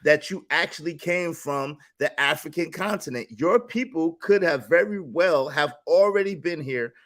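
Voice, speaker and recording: A man hosting a casual panel discussion who jumps in, talks in slang and reads out viewer comments with animated reactions. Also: fairly high pitch, moderate pace. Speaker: podcast host.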